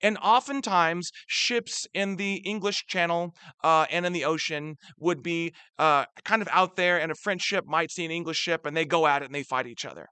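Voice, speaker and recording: A man teaching a history lesson over a map in a chatty way, asking rhetorical questions, checking in with his class and punching key words louder. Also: on the high side, moderate pace, few pauses, smooth, no room sound. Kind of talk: recorded lecture over a map.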